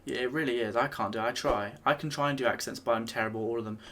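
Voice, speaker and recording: A man's voice: mid-range voice, fairly even intonation, very fast, a bit bright. A young British man with an easygoing, rambling manner, full of restarts and fillers, chatting as he reacts to a video. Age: young adult. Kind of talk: casual chat.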